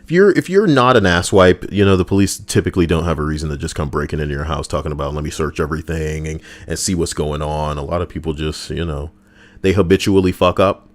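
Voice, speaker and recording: This livestream host has an extremely low voice and talks fast, reading posts aloud and riffing on them with crude, sarcastic remarks into a desk mic set close to him.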